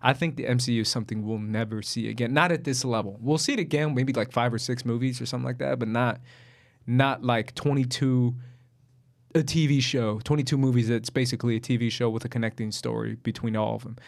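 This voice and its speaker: A man's voice: mid-range voice, steady tone, fast, creaky. Young man, podcast co-host, casual chat, teasing, playful banter.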